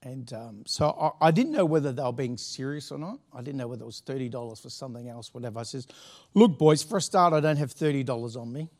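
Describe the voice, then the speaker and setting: A man's voice: medium pitch, fast talker, hardly any pauses. A middle-aged man, a pastor telling a story from the pulpit in a chatty, laughing way with many restarts. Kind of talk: sermon anecdote.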